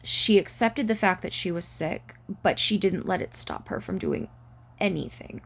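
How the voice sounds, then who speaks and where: Woman vlogging, lowish voice, kinda choked up, lots of ums and restarts. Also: vocal fry. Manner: halting, emotional, many fillers and restarts. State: near tears. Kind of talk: casual to-camera vlog.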